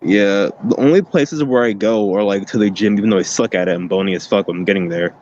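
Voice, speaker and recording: A man's voice: fairly low pitch, fast, darkish tone, highs cut off, slight background noise. A young man calling in for casual chat, talking bluntly in slang with lots of fillers. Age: young adult. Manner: slangy, blunt, mumbly filler-heavy talk.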